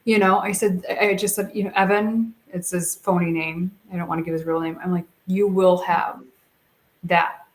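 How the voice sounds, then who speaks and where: Speaking at a moderate pace with a lowish voice, this middle-aged speaker and coach appears as a guest telling heartfelt personal stories. She is expressive and animated, performing the quotes.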